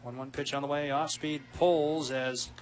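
A man doing play-by-play radio commentary of a softball game, quick and rising with big plays. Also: medium pitch, fairly even intonation. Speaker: play-by-play announcer.

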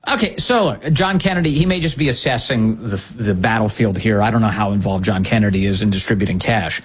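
A man's voice: lowish voice, fairly quick, slightly rough. A man hosting a political commentary show, talking emphatically and sarcastically, firing off rhetorical questions.

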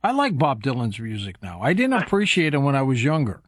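A man's voice: medium pitch, huge pitch swings, brisk, dry recording, clean studio sound. A man hosting a radio talk show, asking curious questions with brief interjections.

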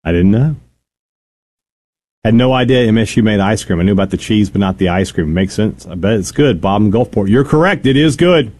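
A man's voice: on the low side, animated, a little fast, darkish tone. A man hosting a casual talk show, easygoing and agreeable, mostly giving short replies, from Mississippi. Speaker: host. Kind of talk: casual chat.

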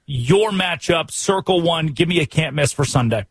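An American man hosting a sports radio show, talking fast and emphatic with strings of rhetorical questions. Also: fairly high pitch, expressive, gravelly, slightly rough. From United States.

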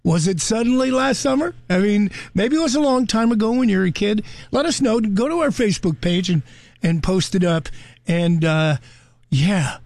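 A chatty male morning radio host with a fairly high voice. He talks loosely into a studio mic and drops in plenty of "uh"s. The sound is close and dry, with no room around it. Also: a little mellow, dry recording. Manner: chatty, loose, with frequent fillers. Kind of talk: casual radio chat. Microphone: studio microphone.

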